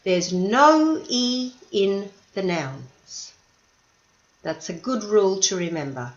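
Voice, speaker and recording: A woman teacher walks learners through an English lesson at a slow, deliberate pace, her pitch rising and falling in a lively way as she patiently stresses each syllable. The recording has a roomy echo and a slightly dull, muffled tone.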